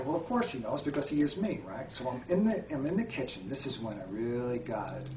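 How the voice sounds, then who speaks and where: A man's voice: medium pitch, big pitch swings, brisk, a little hiss or hum. Man, spiritual healer, heartfelt interview talk, roomy sound, a bit far from the mic. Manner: earnest, heartfelt storytelling with frequent restarts. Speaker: spiritual healer and retreat guide. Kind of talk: interview conversation. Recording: echoey room, far from mic.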